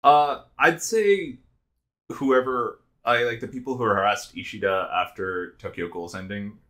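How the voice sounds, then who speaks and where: A man's voice: medium pitch, measured pace, pushed and bright. An American man co-hosting a podcast, rambling casually with many fillers and restarts. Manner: rambling, frequent "like" and restarts, swears. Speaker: podcast co-host. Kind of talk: casual chat.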